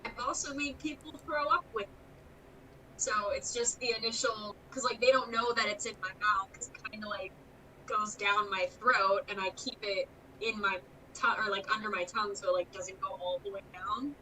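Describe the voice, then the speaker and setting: Young woman, lively storytelling, bright voice, faint ambience. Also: medium pitch, moderate pace, far from the mic, slight background noise, rough recording. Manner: animated storyteller, acts out quotes, frequent laughs. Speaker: guest, haunted attraction scare actor. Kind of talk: casual interview chat.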